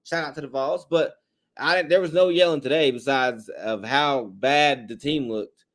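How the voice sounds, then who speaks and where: A man, his voice a little hoarse, hosting a sports podcast with a blunt, frustrated fan rant. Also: medium pitch, moderate pace, a bit bright. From Tennessee, USA. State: slightly hoarse.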